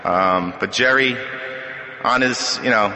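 A man's voice: lowish voice, takes it slowly, sharp tone. A middle-aged man sharing his personal story at a recovery meeting podium, telling it conversationally with self-deprecating humor. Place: meeting hall. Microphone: podium microphone. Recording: echoey hall with long reverb.

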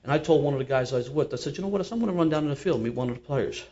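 A man's voice: a little high, very fast, muffled recording, heavy background noise. Older Philly man spinning a yarn. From Philadelphia. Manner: animated, laughing through his own tale. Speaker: storyteller guest. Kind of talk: casual storytelling.

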